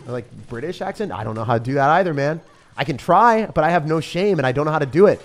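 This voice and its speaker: A young man commentating his own live game stream in a jokey, excitable way, bursting into shouts and laughter. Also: on the high side, fast talker. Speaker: gaming streamer.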